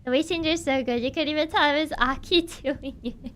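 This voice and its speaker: A woman's voice: high voice, a little fast, a bit bright, slight background noise. A woman streaming a game, chatting casually and giggling often. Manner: giggly, self-mocking. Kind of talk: casual let's play commentary.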